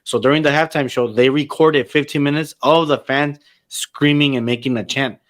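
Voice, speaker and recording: A man of ordinary pitch hosts a loose, profane podcast chat about wrestling. He gets excitable as he goes and drops Spanish phrases into his English. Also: normal speed. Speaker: podcast host. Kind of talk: casual chat.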